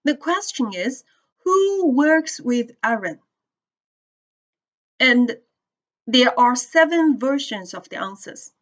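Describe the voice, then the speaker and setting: A woman teaching English pronunciation to a class, explaining slowly and checking in with students as she goes. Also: sits high, lively intonation, fairly bright tone, lo-fi sound. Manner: slow, deliberate explaining with questions to the class. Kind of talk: classroom lecture.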